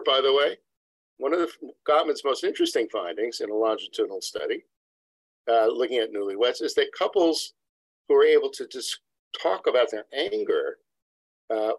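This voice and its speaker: A couple therapist from a New York City practice, interviewed as a podcast guest, explains research in a lecturing, digressive way and acts out quotes. His voice is medium-pitched, and the recording is dry with poor audio.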